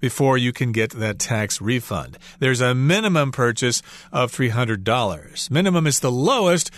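An American man co-hosting an English lesson, explaining usage in a friendly way and pausing on word stress. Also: medium pitch, animated, fairly bright tone, no echo. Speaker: English teacher and co-host.

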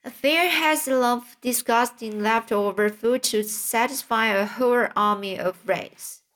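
Woman doing a slow persuasive old sheep. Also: fairly high pitch, fairly bright tone. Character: old ewe, knowing and persuasive.

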